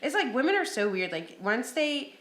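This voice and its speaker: A bright-voiced young woman tells a story with blunt, swear-filled candor, pitched a little high. Her voice rings in an echoey room as she chats on a podcast. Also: moderate pace. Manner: blunt, profane, animated storytelling. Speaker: podcast co-host. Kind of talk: casual storytelling chat.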